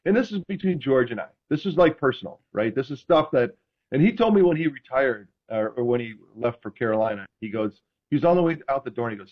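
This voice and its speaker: A man telling stories in casual chat, animated and self-deprecating, acting out quotes. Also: medium pitch, fast, dull audio. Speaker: podcast host, former NFL quarterback.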